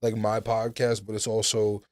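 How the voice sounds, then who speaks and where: A man's voice: on the low side, completely flat delivery, moderate pace. Rambling young man hosting a podcast. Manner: rambling, many restarts and fillers. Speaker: podcast host. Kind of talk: casual podcast chat.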